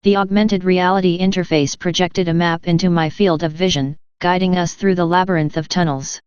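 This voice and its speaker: A woman reads a science-fiction story in the first person with an even, measured delivery. Her voice is low, very smooth, and clear. The recording is dry and close, with a slightly dull, lo-fi tone. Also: dry recording. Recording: dull lo-fi sound.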